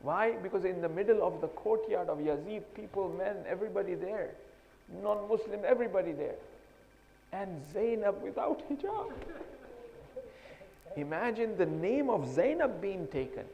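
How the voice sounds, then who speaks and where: A man's voice: high-pitched, animated, moderate pace, vocal fry, dark tone, lo-fi sound. A man preaching a mourning sermon, telling a sorrowful story with rising, impassioned delivery. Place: mosque hall. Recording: long hall reverb.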